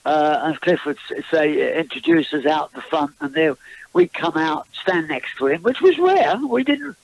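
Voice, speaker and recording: A man's voice: fairly high pitch, animated, moderate pace, poor audio. An older man, a guest musician, recalling past tours in a casual interview, chatty and rambling with frequent restarts and chuckles. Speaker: guest musician, former backing singer.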